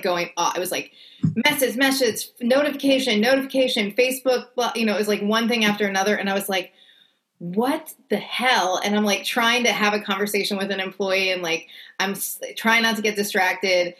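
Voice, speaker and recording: A woman's voice: medium pitch, brisk. A woman co-hosting a podcast, talking casually and expressively, with frequent fillers. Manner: chatty, expressive, lots of fillers like "like". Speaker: podcast co-host. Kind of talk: casual chat.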